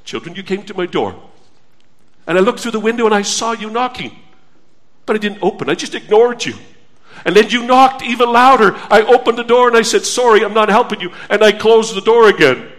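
A high-pitched man delivers a sermon from the pulpit. His tone is earnest and pleading. He moves between hushed, slow lines and quicker, urgent appeals to his listeners. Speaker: pastor.

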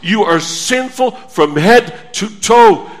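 A male pastor preaching a sermon to his congregation, slow and emphatic, quoting scripture. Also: high voice, expressive.

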